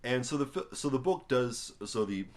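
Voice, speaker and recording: Reviewing a book from his home, this tired young vlogger from the United States speaks in a medium, expressive voice at a moderate speed. His talk to the tripod-mounted camera wanders casually, packed with filler words and dry little asides.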